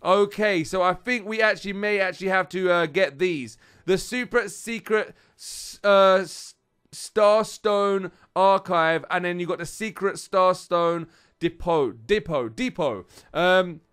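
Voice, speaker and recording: A British man commentating casually on a mobile game he is playing, chatty and excitable, talking straight to his viewers. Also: sits high, measured pace, clean tone. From United Kingdom. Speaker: gaming channel host.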